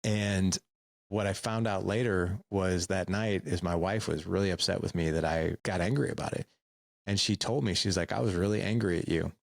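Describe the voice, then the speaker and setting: Deep gravelly middle-aged man. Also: steady tone, moderate pace, no room sound. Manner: earnest, repeats words for emphasis. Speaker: podcast host. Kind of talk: candid storytelling advice.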